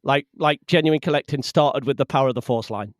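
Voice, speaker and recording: A man, a podcast guest in casual chat, lively and quick to laugh. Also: medium pitch, dry recording, clean studio sound.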